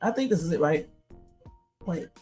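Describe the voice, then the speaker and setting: A woman hosting a live stream, telling a story in an animated, chatty way, often breaking into laughter. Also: on the low side, normal speed, soft background music. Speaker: livestream host.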